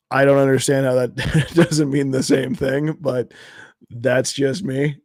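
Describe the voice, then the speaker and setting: A man's voice: medium pitch, little pitch movement, takes it slowly, a little mellow, dry recording. A man on a pop culture podcast panel who hedges his opinions and fills his speech with "like". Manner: hedging, fills with "like". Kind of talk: casual pop culture discussion.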